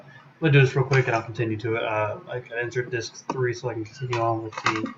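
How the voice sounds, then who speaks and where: Quiet-voiced man playing a game. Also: mid-range voice, flat delivery, fast, dull audio, background noise. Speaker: gamer. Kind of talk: casual let's-play commentary.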